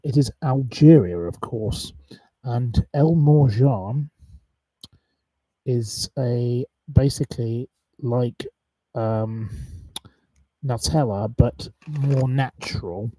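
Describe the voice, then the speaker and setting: A man's voice: mid-range voice, slow, dark tone, no room sound, recorded from a distance, low-quality recording. A man hosting a live quiz, chatting casually, rambling and reeling off long lists of wrong answers. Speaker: quiz host on a live stream.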